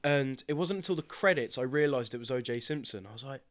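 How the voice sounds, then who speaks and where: Smooth-voiced young host. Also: male voice, medium pitch, lively intonation, fast talker. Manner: easygoing, agreeable, brief replies. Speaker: podcast host. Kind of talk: casual chat.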